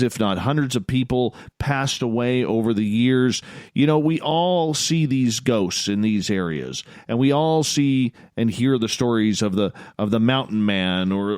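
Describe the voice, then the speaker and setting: A man's voice: medium pitch, no room sound, studio quality. A male radio host asking rambling, conversational questions of a guest. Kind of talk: radio interview hosting.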